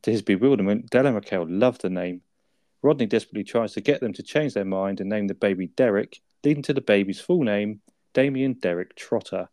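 A man with a lowish, mellow voice chats loosely about a sitcom episode, laughing and swearing as he quotes the characters. The recording is dry and close. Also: dry recording. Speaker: podcast co-host. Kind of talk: casual chat reviewing a sitcom episode.

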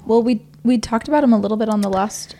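Direct, higher-voiced young woman co-host. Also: fast, mellow. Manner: direct, matter-of-fact. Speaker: podcast co-host. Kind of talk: casual chat.

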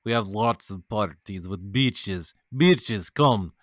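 A man's voice: fairly low pitch, expressive, takes it slowly, no echo, clean studio sound. A man voicing a boastful, crude Russian man with a thick put-on Russian accent and blunt, broken phrasing.

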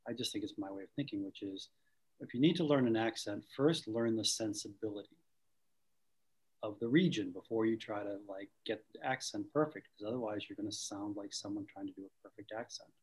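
In a fairly low, slightly rough voice, a Boston-area man who coaches actors speaks briskly and thoughtfully during a conversational interview, frequently starting over. The recording is low quality.

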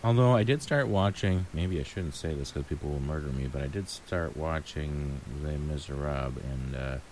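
A man's voice: rumbling low, moderate pace, darkish tone, slight background noise. A man chatting casually about a movie, musing aloud with frequent ums and light laughs. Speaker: co-host reviewing a movie. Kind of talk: casual chat.

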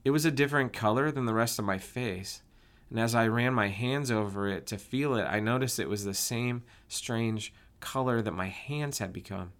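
A man narrating a first-person story in a steady, plain way. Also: medium pitch, normal speed. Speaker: audiobook narrator.

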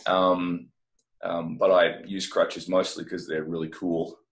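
A middle-aged man with an Australian accent, chatting casually as a podcast guest with a relaxed, self-deprecating humor. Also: deep voice, slow pace. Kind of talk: casual interview chat.

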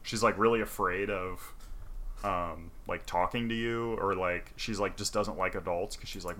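A man's voice: low voice, fairly even intonation, normal speed, fairly bright tone. A man casually retelling a game's story in loose, profane talk full of fillers.

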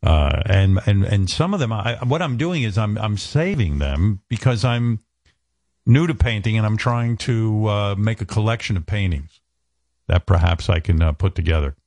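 A man hosting a radio talk show, telling a rambling story in a casual, animated way. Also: lowish voice, normal speed, dry recording. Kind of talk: casual on-air chat and storytelling.

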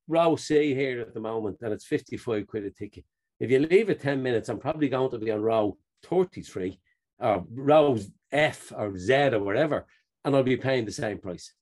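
Medium in pitch with a darkish tone, this man is another podcast co-host. His talk is casual and full of stories, broken up by frequent laughter.

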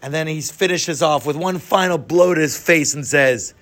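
A man telling a comic story in a dramatic way, dropping to a hush for suspense. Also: a little high, normal speed, few pauses. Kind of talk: told joke story.

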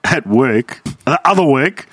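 A man's voice: medium pitch, expressive, unhurried, fairly bright tone, breathy edge, dry recording. A man, co-hosting a casual, joking chat. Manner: laughing, joking banter.

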